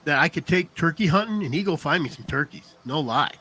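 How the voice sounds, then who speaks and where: Middle-aged guy rambling through hound stories, bright kinda high voice, laughs a lot. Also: expressive, a little fast. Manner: rambling, laughs often, frequent "you know what I mean". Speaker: podcast co-host. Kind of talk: casual chat, storytelling.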